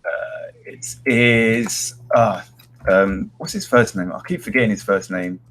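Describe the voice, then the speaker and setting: A man's voice: lowish voice, measured pace, fairly bright tone. A man, co-hosting a casual comics chat and talking hesitantly, with many ums and restarts. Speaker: podcast co-host.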